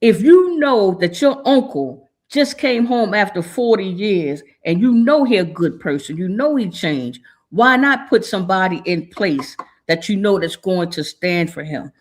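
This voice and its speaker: A woman's voice: medium pitch, expressive, a little slow. Emotional preachy woman talk host. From Maryland, USA. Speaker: show host. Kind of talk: casual talk show sign-off.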